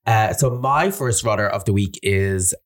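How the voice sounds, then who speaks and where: A man with an Irish accent, co-hosting a podcast in casual chat, telling rambling stories and mimicking people. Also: measured pace. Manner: chatty storyteller, mimics people in high voices. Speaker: podcast co-host.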